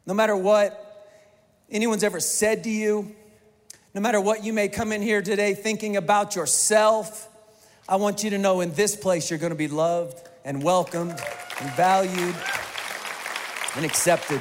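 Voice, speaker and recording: A man's voice: high-pitched, fairly even intonation, measured pace, long pauses, some chatter behind. A man preaching a sermon to his church, talking conversationally and joking with the congregation. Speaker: pastor. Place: large church auditorium. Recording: reverberant church hall with congregation and music.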